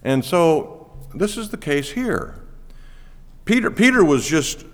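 A man preaching a sermon as pastor, lively and animated, laughing now and then. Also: fairly high pitch, takes it slowly. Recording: long reverb of a church hall.

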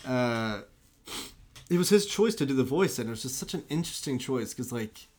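A man's voice: medium pitch, expressive, moderate pace, a little mellow. A man in casual film chat, rambling and enthusiastic, full of "like" and restarts.

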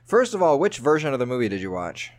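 A man's voice: medium pitch, sing-song, quick pace. A man co-hosting a podcast in casual chat, jokey and loose, laughing often. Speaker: podcast co-host.

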